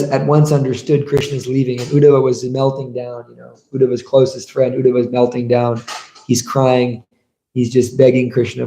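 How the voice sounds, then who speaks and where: A man's voice: mid-range voice, warm tone. A man giving a scripture class as a sermon, telling stories and asking the audience questions. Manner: storytelling, asks the audience rhetorical questions. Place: temple hall. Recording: echoey room.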